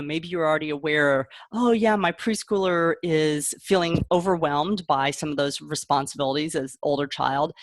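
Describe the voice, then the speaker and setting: Chatty woman parent coach, low voice. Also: dry recording, clean studio sound. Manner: warm chatty explaining, acts out kid voices, laughs often. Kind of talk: casual advice talk.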